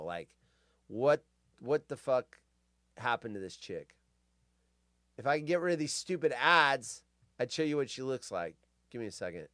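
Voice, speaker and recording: A man's voice: a little high, no echo, studio quality. A man hosting a live stream, reading news stories aloud in casual commentary with crude, rambling asides and frequent swearing. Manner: animated, jumps between loud outbursts and mutters.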